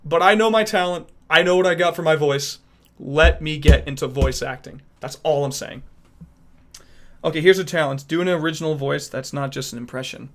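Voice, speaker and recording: Young male streamer; upbeat, bright, rambling casual talk. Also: a little high, brisk. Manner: animated, rambling, restarts often. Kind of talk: casual chat reacting to viewers.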